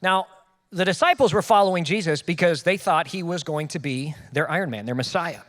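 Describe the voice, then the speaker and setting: A man's voice: fairly high pitch, brisk, a bit bright, long reverb tail. A young man preaching a sermon in a casual, conversational way, acting out quotes from the people he talks about. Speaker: pastor. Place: church hall.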